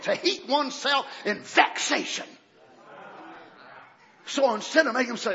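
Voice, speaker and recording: Preacher, high and shouting. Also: male voice, expressive, measured pace, husky, some chatter behind. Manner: preaching with shouted high outbursts and folksy asides. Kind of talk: sermon. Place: church. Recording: dull lo-fi recording with faint congregation.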